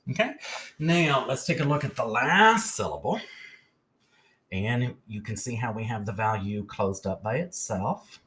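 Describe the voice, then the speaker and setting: A man teaching a phonics lesson, slowly sounding out syllables and checking in with frequent "okay?". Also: mid-range voice, fairly bright tone.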